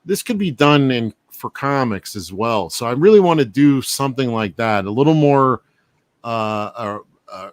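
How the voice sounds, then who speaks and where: A man hosting a casual chat, relaxed and reflective, chuckling often. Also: medium pitch, normal speed, dry recording.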